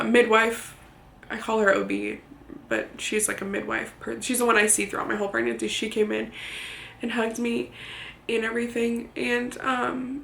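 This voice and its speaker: Young woman, grieving, close to tears, raised pitch, gravelly edge, echoey room. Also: fairly bright tone, slight background noise. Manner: candid, halting, swears. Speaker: vlogger. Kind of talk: personal storytelling to camera. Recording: roomy echo.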